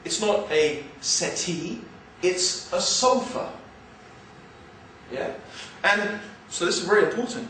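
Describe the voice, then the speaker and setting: An English man with a mix of upper-class and East London accents gives an animated, joking religious lecture to an audience. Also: sits high, takes it slowly, a little hiss or hum. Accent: English, mixed with East London. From England. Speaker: Islamic speaker. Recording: very echoey hall, mic far off.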